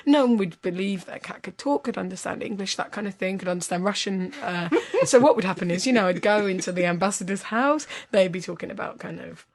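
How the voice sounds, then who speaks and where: A woman's voice: medium pitch, close to an everyday voice. Woman doing a tired talking cat, super casual, rambly, totally unbothered. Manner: casual, matter-of-fact, rambling. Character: weary talking cat, ex-spy, laid-back.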